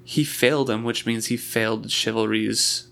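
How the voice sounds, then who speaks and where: A man's voice: on the low side, fairly even intonation, normal speed, gravelly, bright, forceful tone. A man co-hosting a casual book discussion who makes brief remarks and agrees with his co-host. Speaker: podcast co-host.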